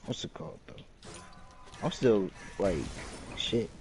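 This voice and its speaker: A young man talks in a loose, rambling way over voice chat while he games, swearing freely. His voice sits low, and a clear hiss of noise runs under the line. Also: lively intonation, takes it slowly, a little mellow. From Latino. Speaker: gaming stream co-host.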